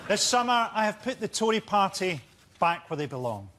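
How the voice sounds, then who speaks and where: A man's voice: high-pitched, big pitch swings, normal speed, heavy background noise. A man playing a pompous male politician making a solemn speech.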